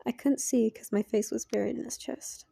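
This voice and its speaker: A woman reads a fan story aloud, quiet and soft-spoken, often slipping into a half-whisper. Her voice sits fairly high with a very dark, mellow tone. The recording is close and dry. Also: steady tone, moderate pace, vocal fry, slightly rough, no echo. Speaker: fan fiction reader.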